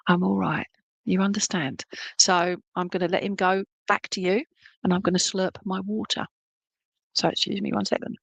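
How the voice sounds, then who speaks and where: A woman's voice: mid-range voice, flat delivery, moderate pace, vocal fry, no room sound. A woman working as a medium, giving a chatty, reassuring clairvoyant reading at a church service and often checking in with her listeners.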